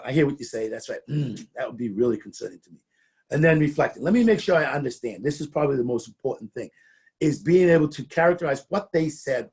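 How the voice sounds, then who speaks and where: A man's voice: fairly high pitch, gravelly, darkish tone, husky. A middle-aged man giving a conversational training presentation, often restarting and repeating words as he talks.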